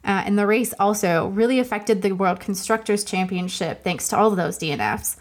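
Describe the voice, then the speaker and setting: A woman's voice: medium pitch, fairly quick. A woman co-hosting a casual podcast chat, blunt and dryly teasing. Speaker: podcast co-host.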